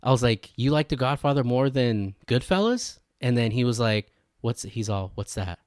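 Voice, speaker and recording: A man co-hosting a casual podcast, excitable, saying "dude" constantly and acting out quotes from friends. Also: mid-range voice, normal speed, no room sound, clean studio sound. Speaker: podcast co-host. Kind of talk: casual chat.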